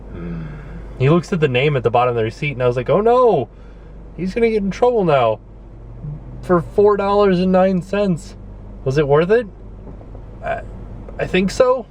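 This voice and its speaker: Young male vlogger, slightly high voice, rambling and jokey, camera held in a parked car. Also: a little hiss or hum. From Florida, United States. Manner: rambling, jokey, animated storytelling. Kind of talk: casual vlog chat. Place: car and grocery store parking lot.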